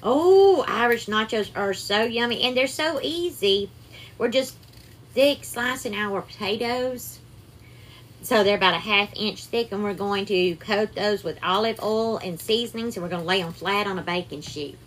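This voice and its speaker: A woman's voice: mid-range voice, normal speed, a bit bright. A woman with a Southern US accent hosts a casual live cooking stream, chatting and greeting viewers by name with sweetheart and darling. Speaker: cooking livestream host.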